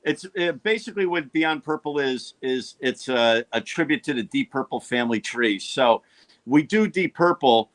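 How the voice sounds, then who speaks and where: A man's voice: mid-range voice, expressive, normal speed. A man guesting on a rock interview, explaining things in an eager, chatty way with many restarts. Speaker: guitarist guest. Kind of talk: casual interview chat.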